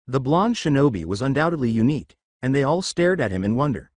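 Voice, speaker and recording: A man's voice: mid-range voice, big pitch swings, quick pace, hardly any pauses, a little mellow, no echo, clean studio sound. Man narrating a fan story. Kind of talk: scripted narration.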